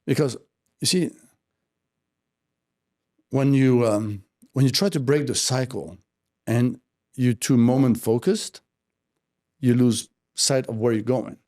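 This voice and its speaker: A podcast host talking reflectively, with frequent pauses and restarts. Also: male voice, mid-range voice, darkish tone. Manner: reflective, halting, many fillers and restarts. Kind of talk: casual conversation.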